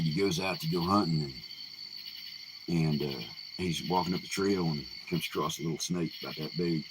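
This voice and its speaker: Deep-voiced man telling folk tales. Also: noisy background. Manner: unhurried, folksy, many fillers and restarts. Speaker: live Q&A host. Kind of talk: casual oral storytelling.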